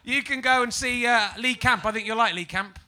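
A man's voice: very high-pitched, a little fast, background noise. A man hosting a live comedy podcast on stage, teasing the audience as a laughing quizmaster. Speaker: podcast host running an audience quiz.

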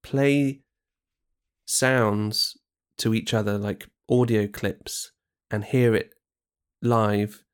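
A man co-hosting a podcast in casual chat, chatty and quick to agree, often restarting his sentences. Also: fairly low pitch, steady tone, smooth. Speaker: podcast co-host.

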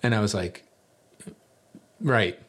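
A man's voice: lowish voice, slow pace, a bit bright. A middle-aged man preaching a sermon, telling a story in a conversational, self-deprecating way.

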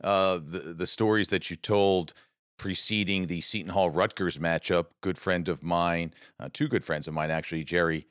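Low-voiced interviewer asking follow-ups. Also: male voice, fairly even intonation, normal speed, a bit bright, smooth, no echo, studio quality. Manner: affirming, uses tag questions. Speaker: interviewer, host. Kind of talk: casual interview.

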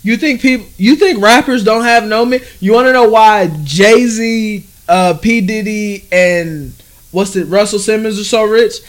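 A man co-hosting a casual chat podcast, animated and joking, slipping into quoted voices. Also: sits high, unhurried. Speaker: podcast co-host.

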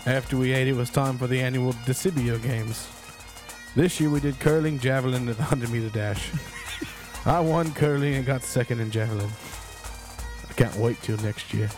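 A man's voice: medium pitch, drawn-out words, few pauses, over music. A man reading a silly diary entry in a clumsy put-on Scottish accent, breaking into laughter now and then. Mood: mock earnest.

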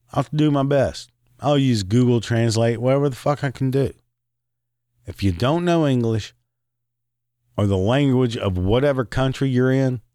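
A man's voice: mid-range voice, darkish tone, no echo, clean studio sound. A man hosting a podcast, ranting angrily with constant swearing and rambling asides, breaking into short laughs. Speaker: podcast host. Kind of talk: profane rant.

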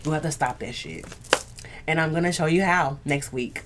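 A little hiss or hum sits under this woman's low voice as she talks at normal speed on her casual live stream. The host is candid and earthy, swearing and speaking directly to viewers.

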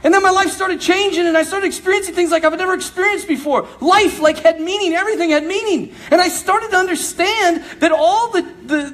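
A man telling his faith story to an audience, animated and laughing often as he acts out the dialogue. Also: very high-pitched. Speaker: speaker sharing a faith testimony.

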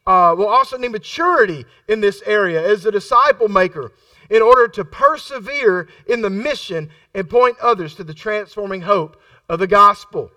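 A man's voice: high-pitched, moderate pace, sharp tone, dry recording, recorded from a distance. A middle-aged man preaching a sermon in a conversational style, repeating phrases for emphasis and acting out the voices in his stories. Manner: acts out quoted voices in his storytelling.

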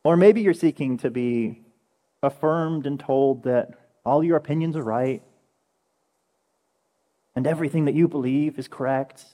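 A young man preaching a conversational sermon as a pastor, telling stories with animated energy. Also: mid-range voice, a little slow, pauses often. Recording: echoey hall with long reverb.

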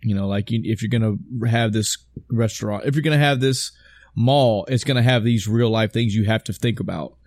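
Low-voiced laid-back podcast guy. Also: a little fast, a little mellow, no echo, studio quality. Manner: laid-back, wry asides. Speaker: podcast co-host. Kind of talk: casual podcast chat.

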